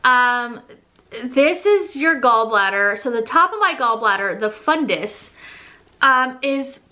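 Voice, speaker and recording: A woman's voice: fairly high pitch, expressive, slow pace, sharp tone. A pregnant young woman giving a casual, rambling vlog update, laughing often as she talks. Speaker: vlogger.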